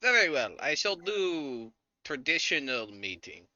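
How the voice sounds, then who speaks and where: A man's voice: fairly high pitch, sing-song, a little slow, pushed and bright, no echo, highs cut off, voice pushed up, exaggerated voice. A man voicing a towering, blunt female orc official who speaks in curt, formal phrases in a tabletop game.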